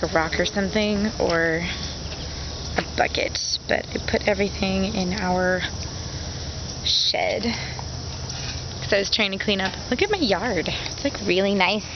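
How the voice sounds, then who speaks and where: A young woman and mother chatting casually in a home vlog. She fills her talk with fillers, jumps between topics and gets giggly and excitable. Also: medium pitch, background noise. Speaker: vlogger and mother. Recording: slightly dull home-video sound.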